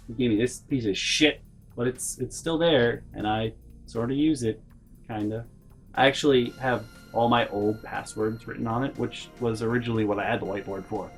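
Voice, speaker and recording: A man with a middle-pitched voice rambles through a personal story, swearing freely and restarting his sentences. His delivery is animated and casual, with faint music playing behind him. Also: a little fast, breathy edge. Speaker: vlogger.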